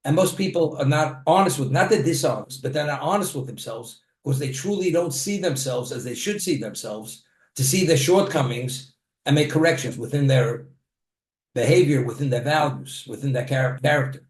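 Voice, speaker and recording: A man's voice: medium pitch, lively intonation, normal speed, reverberant. A man delivering a plain-spoken sermon, telling a story from his own life with the occasional restart.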